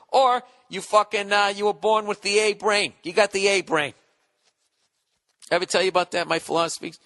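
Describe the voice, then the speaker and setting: A man's voice: mid-range voice, sharp tone. A middle-aged man hosting a solo podcast, ranting profanely and sarcastically while he reads listener mail and mocks himself. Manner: profane, sarcastic, self-mocking rants. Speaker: podcast host.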